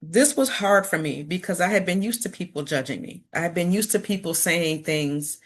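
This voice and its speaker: A woman with a slightly low voice gives a motivational talk. She stutters, repeating sounds and words, and speaks in an earnest, reflective way that turns slow and deliberate at times. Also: lively intonation, slightly rough. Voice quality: stutters, with sound and word repetitions. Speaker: school principal and speaker.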